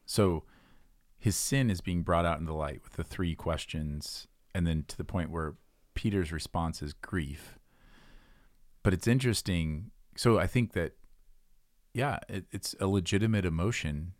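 Deep-voiced man, reflective. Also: measured pace, dry recording, studio quality. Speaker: Bible discussion speaker. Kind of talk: casual Bible discussion.

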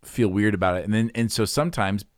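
A man talking through faith and confession in an unhurried conversation, reflective and full of small restarts. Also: fairly low pitch, no room sound, studio quality. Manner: thoughtful, reflective, many restarts.

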